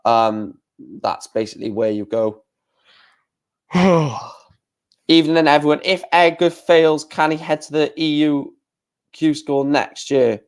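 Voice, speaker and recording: A man's voice: a little high, slow, long pauses, clear, resonant tone. A man hosting a casual live stream, reading out darts results and answering chat while thinking aloud with plenty of fillers.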